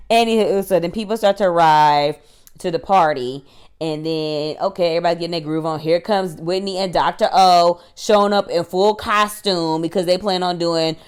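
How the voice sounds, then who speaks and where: A woman's voice: fairly low pitch, normal speed, smooth. A woman recapping a TV episode for her channel in a chatty, slangy way, laughing often. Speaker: YouTube TV reviewer.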